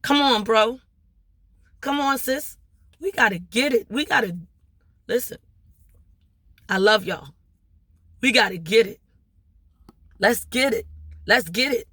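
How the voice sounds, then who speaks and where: A woman's voice: a little high, animated, unhurried, long pauses, pushed and bright, breathy edge, no room sound. A woman from Maryland with a local accent, giving an impassioned motivational talk to her viewers, emphatic and full of rhetorical questions. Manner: preachy, emphatic, repeating rhetorical questions with "right?". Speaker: small business owner and vlogger.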